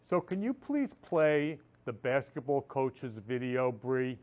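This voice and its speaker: A man's voice: medium pitch, lively intonation, slow, a little mellow. Guy hosting a talk show, earnest and emotional, repeats himself, kinda dull lo-fi sound. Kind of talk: heartfelt monologue.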